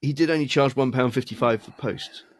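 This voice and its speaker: A man's voice: mid-range voice, a little fast, no room sound. A man co-hosting a podcast, telling a rambling story with a dry, self-amused tone. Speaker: podcast co-host. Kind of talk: casual chat.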